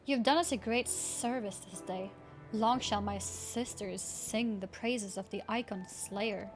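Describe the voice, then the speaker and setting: A woman reading a dignified, formal leader of a sisterhood in her own voice, slow and measured, over game music. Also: medium pitch, close to an everyday voice.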